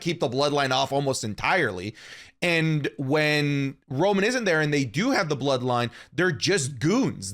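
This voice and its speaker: A man's voice: fairly high pitch, fairly bright tone. A man co-hosting a casual podcast, giving rambling, opinionated takes with frequent restarts. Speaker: podcast co-host. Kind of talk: casual wrestling podcast chat.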